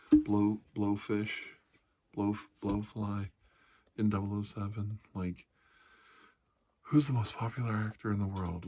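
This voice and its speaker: A man's voice: fairly low pitch, mellow. A middle-aged man hosting an ASMR channel, rambling casually in a blunt, profane, sarcastic way.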